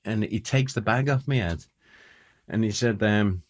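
A man with a Liverpool accent, a war photographer telling animated anecdotes as a guest and laughing often. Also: fairly low pitch, measured pace. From Liverpool, England. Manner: animated storyteller who laughs often and acts out voices.

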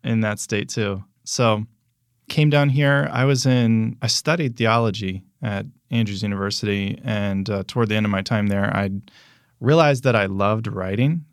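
A young man from Pennsylvania speaking as a podcast guest in a low-ish voice. He talks plainly and steadily in casual interview style. The sound is dry and close. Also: moderate pace, clear, resonant tone, dry recording.

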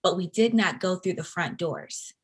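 A woman in her thirties from the Atlanta area, telling a personal story as an interview guest in an earnest, reflective, halting way. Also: on the low side, breathy edge. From Atlanta, USA.

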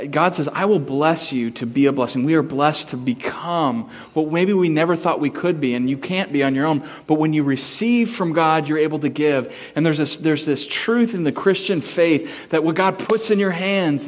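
Middle-aged guy preaching, kinda high voice, acts out sounds and voices. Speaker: pastor. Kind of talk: sermon with a personal story.

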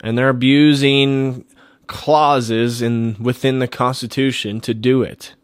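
A man's voice: mid-range voice, steady tone, takes it slowly, smooth. A man delivering a fired-up opinion monologue straight to his viewers. He hammers his points home and repeats himself for emphasis. His voice sounds close and dry, with no room echo. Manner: emphatic, repetitive, preachy. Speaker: political commentary host.

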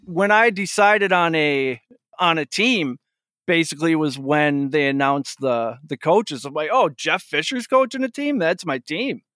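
A man's voice: on the high side, expressive, a bit bright, no room sound. Laid-back male podcast host, dry sound. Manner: easygoing, quick to laugh. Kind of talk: casual interview chat.

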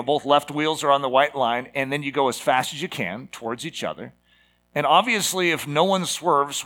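A man's voice: on the high side, a bit bright. A man in his fifties giving a casual, conversational sermon to a live congregation, full of fillers and rhetorical asides.

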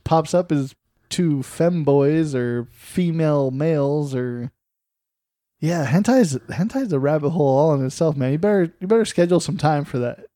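A man's voice: a little high, expressive, moderate pace, mellow, dry recording, clean studio sound. A man co-hosting a casual podcast chat, crude and joking, laughing often. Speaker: podcast co-host.

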